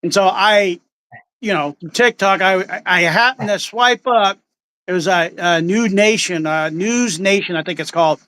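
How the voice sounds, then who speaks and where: A man's voice: high voice, normal speed, a bit bright. A man in his fifties, a guest in a casual chat, telling long rambling stories with animation.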